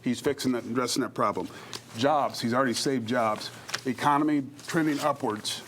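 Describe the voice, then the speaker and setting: A man with a mid-range pitch speaks upbeat and rapid-fire on a studio panel, ticking off his points one after another. The feed carries clear background noise and clicks. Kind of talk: political panel discussion.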